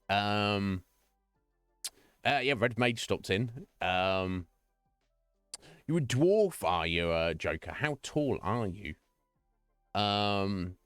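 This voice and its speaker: A man's voice: fairly low pitch, no echo, clean studio sound. A man chatting casually with viewers on a game stream, rambling with lots of fillers and restarts.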